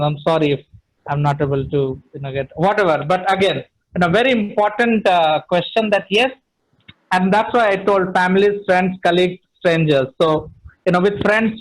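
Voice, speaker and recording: A man's voice: high voice, rough recording. A man, speaking as a trainer in an online session from home, emphatic and repeating phrases for stress.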